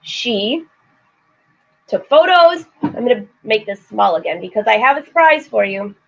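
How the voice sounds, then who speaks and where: A woman's voice: on the high side, expressive, unhurried, creaky. A middle-aged woman hosting a live sewing show, chatting casually with viewers, laughing often and reading out their comments. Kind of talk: casual live-stream chat. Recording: slightly dull lo-fi stream audio.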